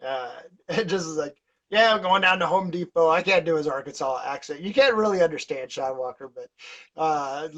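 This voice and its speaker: A man talking as a podcast guest in casual conversation, rambling through stories with many fillers and restarts. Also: a little high. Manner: animated, laughs while telling stories. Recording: dull lo-fi podcast audio.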